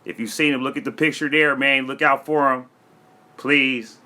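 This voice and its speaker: A man's voice: mid-range voice, fairly even intonation, moderate pace, bright, forceful tone. A man from Florida, a comedian and rapper, freestyling and then telling a story in a brash, profane, streetwise way. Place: home studio.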